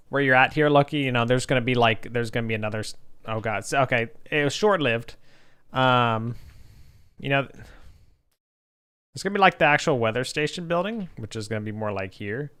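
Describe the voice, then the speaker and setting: Male streamer, bright voice, loose rambling delivery, reads chat aloud. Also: medium pitch, clean tone. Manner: rambling, thinking aloud with many fillers. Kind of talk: casual livestream chat.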